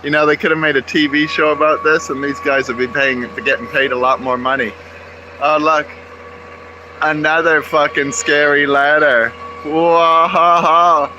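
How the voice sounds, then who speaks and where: A man's voice: fairly high pitch, fairly even intonation, fairly quick, hardly any pauses, highs cut off, noisy background. A man vlogging outdoors near a construction site, rambling wryly and cursing freely into a handheld camera. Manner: profane, rambling and wry. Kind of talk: casual rambling monologue to camera.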